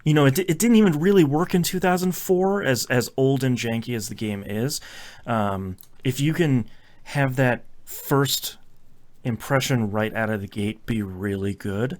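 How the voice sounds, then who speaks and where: A man's voice: mid-range voice, moderate pace. A man co-hosting a casual games podcast, talking with enthusiasm and frequent restarts. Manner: enthusiastic, stumbling restarts, lively quoting. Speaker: podcast co-host.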